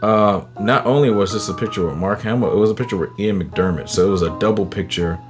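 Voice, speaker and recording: A man telling a personal story in a casual, animated way, acting out the people he quotes. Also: fairly low pitch, quick pace. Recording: guitar music under the voice. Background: guitar music.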